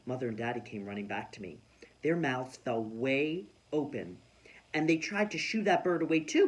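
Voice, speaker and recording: A man reading a children's storybook aloud in a lively, expressive way. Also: mid-range voice, a little fast, low-quality recording. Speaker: children's book reader.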